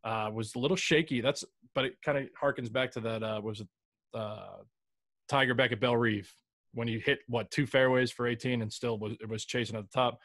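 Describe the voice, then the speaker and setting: A man's voice: medium pitch, steady tone, a little fast, fairly bright tone, no room sound, studio quality. Rambling man on a golf podcast. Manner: rambling, loose, with frequent restarts and mild swearing. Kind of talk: casual chat.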